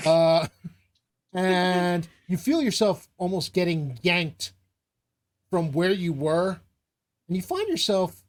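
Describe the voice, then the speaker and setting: A game master narrating a live tabletop game, with rambling descriptions full of fillers. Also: mid-range voice.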